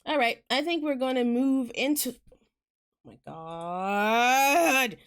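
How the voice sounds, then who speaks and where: Fast-talking Southern woman streamer. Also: high voice, clean tone. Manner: fast-talking, rambling, laughs often. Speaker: game streamer. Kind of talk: casual gaming chat.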